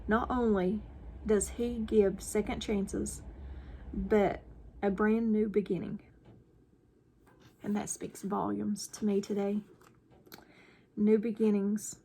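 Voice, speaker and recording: Slow, earnest woman reading scripture. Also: medium pitch, dark tone, a little hiss or hum. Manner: deliberate, earnest reading with stressed phrases. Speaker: devotional channel host. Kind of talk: reading scripture for a morning devotional.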